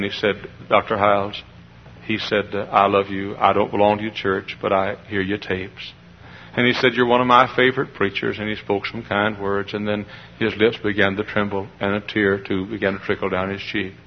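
A man preaching a sermon as pastor, moving from quiet storytelling to shouted, high-pitched climaxes. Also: a little hiss or hum. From Texas. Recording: dull, muffled lo-fi sermon recording.

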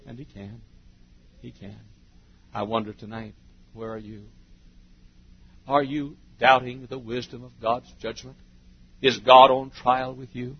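A man preaching a revival sermon, swinging from hushed pleading to shouting, on a dull lo-fi recording. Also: mid-range voice, steady tone, a little slow, long pauses, husky.

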